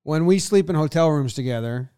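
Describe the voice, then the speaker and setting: A man's voice: on the high side, lively intonation, a little fast, warm tone, smooth, no room sound. Jokey man rattling off baseball stats, dry sound. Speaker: podcast co-host. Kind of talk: casual sports chat.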